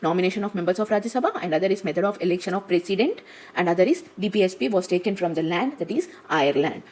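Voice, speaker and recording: A woman's voice: fairly low pitch, lively intonation, racing, a little mellow, rough recording. A woman giving an exam-prep lesson, repeating points and checking in with "okay?" and "right?". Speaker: teacher.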